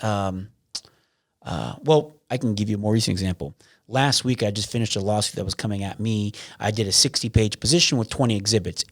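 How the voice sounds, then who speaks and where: A man's voice: medium pitch, dry recording, clean studio sound. A man talking as a podcast guest, blunt and frank, with lots of restarts and some swearing. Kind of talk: casual interview.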